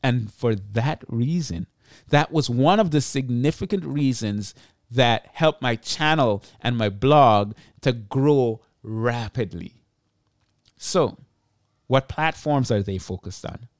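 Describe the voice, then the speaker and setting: Male solo podcaster, tired but energetic, talks straight into a dead-dry mic. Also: mid-range voice, takes it slowly, no room sound. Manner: energetic, chatty, self-deprecating asides. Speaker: podcast host. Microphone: close podcast mic.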